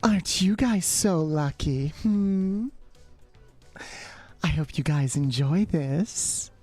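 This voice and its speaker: A woman putting on a soft, coaxing, doting motherly voice during a live stream. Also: deep voice, slow, no echo, soft background music, pitched below the performer's own voice. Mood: teasing.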